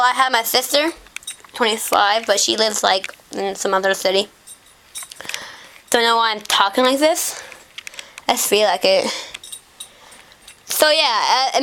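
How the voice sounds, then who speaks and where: A woman's voice: a little high, sharp tone. A woman chatting and rambling in a casual home vlog while playing with her pets. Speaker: vlogger. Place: at home indoors. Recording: noisy home camcorder audio.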